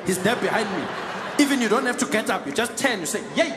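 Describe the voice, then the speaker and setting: A man's voice: sits high, lively intonation, quick pace. A man voicing a stubborn South African plane passenger with a South African accent, cajoling and insistent, recorded live with a noisy crowd.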